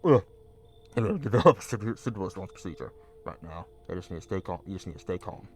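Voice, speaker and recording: A man voicing a calm, measured government field agent in a game. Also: sits low, slight background noise. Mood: calm, official. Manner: measured, official.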